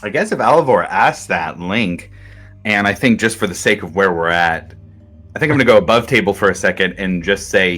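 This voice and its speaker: A man narrating a tabletop game as game master in a relaxed, descriptive way. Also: low-pitched, brisk, soft background music.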